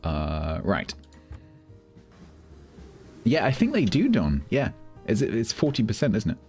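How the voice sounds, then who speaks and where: A man's voice: on the low side, wildly swooping pitch, measured pace, a little mellow. A middle-aged man from London with a London accent, chatting casually with his stream chat, explaining things with many restarts. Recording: faint background music.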